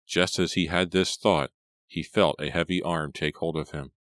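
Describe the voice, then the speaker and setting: A man reading a horror audiobook in a measured, steady narration. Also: deep voice, no room sound. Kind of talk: scripted narration.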